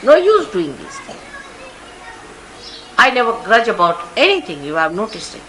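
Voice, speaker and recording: A woman's voice: mid-range voice, wildly swooping pitch, normal speed, fairly bright tone, slight background noise, poor audio. An older woman with an Indian English accent, giving a spiritual talk full of anecdotes and asides. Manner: anecdotal, conversational, often says "you see". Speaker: spiritual teacher. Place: large indoor gathering.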